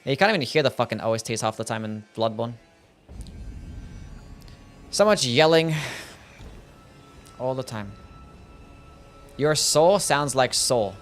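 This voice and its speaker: A man with an Australian accent chats casually to his viewers while streaming a game, joking and swearing freely. His medium-pitched voice is animated, at a moderate pace with frequent pauses, and faint music plays behind him.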